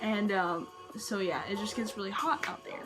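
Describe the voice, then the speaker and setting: A woman's voice: medium pitch, moderate pace, over music. A young woman giving casual running tips in a chatty, rambling way, full of "like" and restarts. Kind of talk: casual advice vlog.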